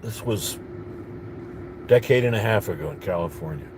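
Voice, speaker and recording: Bitter rambling man, low-pitched. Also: expressive, moderate pace, a little mellow, slight background noise. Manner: bitter, rambling rant with restarts. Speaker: vlogger. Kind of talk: casual monologue to camera.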